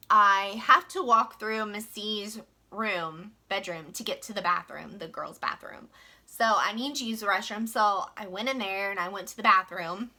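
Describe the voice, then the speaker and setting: A woman's voice: medium pitch, sharp tone. A young woman from Virginia, telling a work story in a chatty, frank way full of fillers. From West Virginia. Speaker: vlogger. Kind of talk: casual storytime venting.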